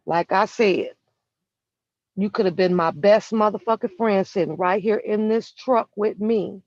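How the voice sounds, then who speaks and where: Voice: medium pitch, no room sound. Profane confrontational vlogger ranting in a vehicle. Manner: profane and confrontational, drawn-out emphasis. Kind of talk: heated commentary rant. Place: inside a vehicle. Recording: dull, lo-fi and dry.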